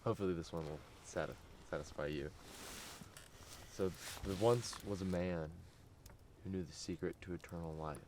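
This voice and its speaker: A man's voice: deep voice, normal speed, long pauses, darkish tone, a little hiss or hum, lightly acted. A young man telling an ominous campfire story to friends.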